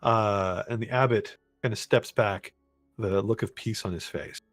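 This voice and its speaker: A man's voice: on the low side, a little slow, no echo, faint music behind. A man narrating a tabletop game as game master, loose and full of fillers.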